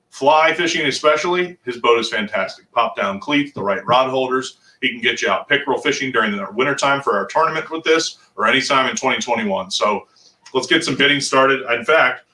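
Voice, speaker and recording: A man's voice: mid-range voice, moderate pace, sharp tone, distant mic. A man hosting a live charity fundraiser from a fishing shop, chatty and enthusiastic. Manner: chatty, enthusiastic, thanks supporters. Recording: echoey shop, off-mic.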